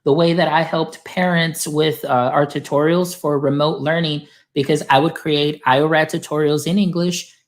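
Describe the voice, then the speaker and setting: A man's voice: fairly high pitch, fairly even intonation, moderate pace, few pauses. Upbeat male educator, casual screen-share demo voice, talky and friendly. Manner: upbeat, chatty, lots of filler phrases. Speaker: guest demonstrating software; educator supporting teachers.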